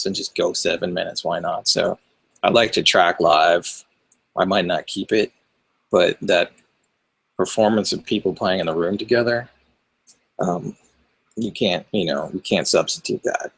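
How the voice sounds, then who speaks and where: Low gravelly husky man, dry close mic. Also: fairly bright tone, no echo, poor audio. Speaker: record producer and mix engineer. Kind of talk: relaxed interview talk.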